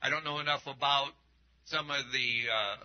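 A man's voice: mid-range voice, moderate pace, lo-fi sound. A male pastor preaching a sermon in a conversational, rambling way, often restarting and adding asides.

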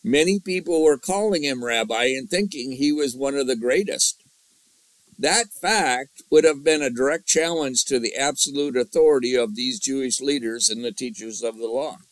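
A man's voice: mid-range voice, moderate pace, no room sound, low-quality recording. A man teaching a Bible study from an outline, repeating key lines and asking his class questions.

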